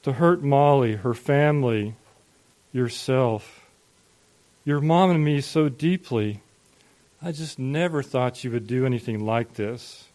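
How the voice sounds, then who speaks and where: A man voicing a furious, condemning farmer father who yells at his son. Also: medium pitch, takes it slowly, close to an everyday voice. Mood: bitter, seething. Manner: yelling, condemning.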